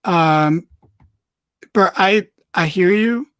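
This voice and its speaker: Rambling excitable podcast host. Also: male voice, sits high, very slow, clean tone, no echo. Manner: rambling, excitable, lots of fillers. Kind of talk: casual wrestling recap.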